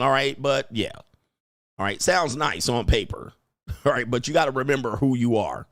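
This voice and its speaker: A man hosting a livestream, reacting in casual commentary with drawn-out exclamations and chuckles. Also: mid-range voice, animated, a bit bright, no room sound, clean studio sound. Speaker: livestream host.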